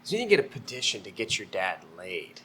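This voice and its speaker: Bright-voiced laid-back man in banter. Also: lowish voice, huge pitch swings, quick pace, a little hiss or hum. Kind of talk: casual banter. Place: indoors in a warm room.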